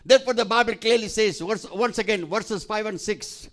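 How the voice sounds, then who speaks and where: A male pastor preaching a sermon, emphatic and repetitive, pausing for scripture readings. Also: high-pitched.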